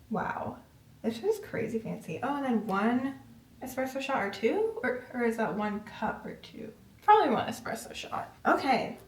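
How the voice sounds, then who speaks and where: A young woman vlogging casually as she unboxes and reads the labels aloud, chatty and easily excited, sometimes out of breath. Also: a little high, distant mic, a little hiss or hum. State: out of breath at times. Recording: echoey room, voice from off-mic.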